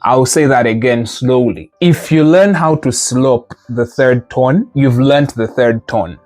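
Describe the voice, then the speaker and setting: A Mandarin teacher runs a live group lesson at a slightly slow pace, the mid-range voice carrying a darkish tone over faint music. Sounds get modeled first, then explained through playful imagery as students are patiently corrected.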